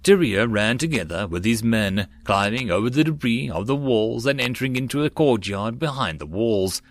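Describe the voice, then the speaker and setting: Male audiobook narrator, steady reading, mid-pitched, dry close recording. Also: moderate pace, no echo.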